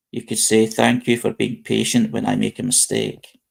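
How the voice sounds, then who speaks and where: A man's voice: fairly low pitch, flat delivery, moderate pace, vocal fry, slightly rough. A British man hosting a casual live-stream chat, reading posts aloud and rambling with restarts. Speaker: host.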